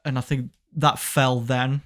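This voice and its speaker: A young man co-hosting a podcast, gently asking hesitant questions full of restarts. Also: medium pitch, flat delivery, a little slow. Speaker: podcast co-host. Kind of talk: casual supportive conversation.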